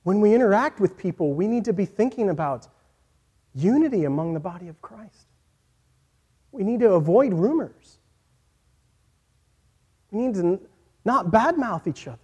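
A man preaching a sermon in an earnest voice that moves from quiet, reflective passages to emphatic points. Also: sits high, lively intonation, normal speed, pauses often, husky. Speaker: pastor.

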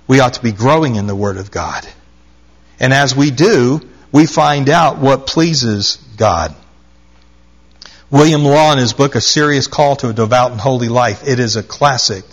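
A man's voice: mid-range voice, measured pace. A man preaching a sermon, reading scripture aloud and stressing his points by repeating key phrases. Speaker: pastor.

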